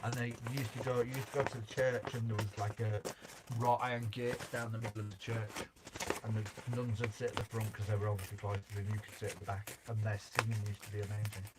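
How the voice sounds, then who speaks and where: A man's voice: lowish voice, little pitch movement, fast, very noisy. A man co-hosting a live craft stream, telling anecdotes and reading out viewer comments. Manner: chatty, anecdotal, laughing. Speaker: co-host reading the chat. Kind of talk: casual live-stream chat.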